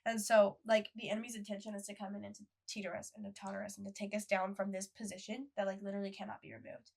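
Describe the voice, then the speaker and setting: A young woman talks through a faith podcast in a casual, friendly register, with a noticeable gravelly fry in her voice. She reads scripture passages aloud and then breaks them down in plain, everyday speech. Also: mid-range voice, flat delivery, fast, a little mellow. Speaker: podcast co-host.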